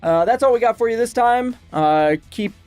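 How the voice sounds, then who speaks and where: A man's voice: very high voice, normal speed, no echo, soft background music. A man co-hosting a casual chat, reading out fan questions and answering them loosely. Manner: relaxed, reads out fan questions. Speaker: co-host.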